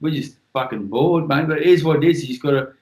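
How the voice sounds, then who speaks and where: A man's voice: on the high side, fast talker, darkish tone, echoey room, poor audio. A man from Western Australia with an Australian accent, chatting casually on a podcast as a guest, blunt and swearing freely. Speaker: guest, former world boxing champion.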